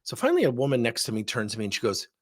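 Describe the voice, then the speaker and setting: Speaking very fast, a middle-aged man with a slightly husky voice gives a motivational leadership talk built on anecdotes. He tells his stories animatedly with widely swinging pitch and peppers them with rhetorical questions.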